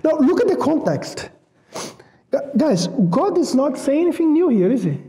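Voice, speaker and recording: Very high-voiced pastor. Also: male voice, normal speed. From Brazil. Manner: emphatic, repeats words for stress; lively with rising questions. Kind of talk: sermon. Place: church.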